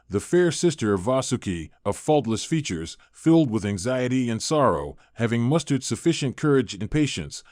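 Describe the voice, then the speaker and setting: A man narrating an old epic translation in a measured, formal audiobook reading. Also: mid-range voice, darkish tone, dry recording, studio quality.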